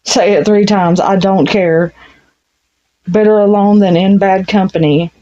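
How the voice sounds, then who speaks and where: A woman reads tarot in an unhurried, drawn-out way, talking bluntly and cursing without a second thought. Her voice is mid-pitched and comes through a dull, lo-fi recording. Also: fairly even intonation, mellow. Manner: blunt and frank, swears freely. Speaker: tarot reader. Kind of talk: casual tarot reading. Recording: dull lo-fi sound.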